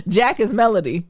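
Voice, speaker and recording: A woman co-hosting a podcast, chatting casually about TV shows, animated and laughing often with quick asides. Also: fairly high pitch. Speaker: podcast co-host.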